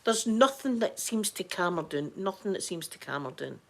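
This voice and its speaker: A middle-aged Scottish woman, hoarse from crying, chatting casually to her viewers in a halting way, repeating words and restarting sentences. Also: on the low side, animated. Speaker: vlogger talking to viewers. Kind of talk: casual chat.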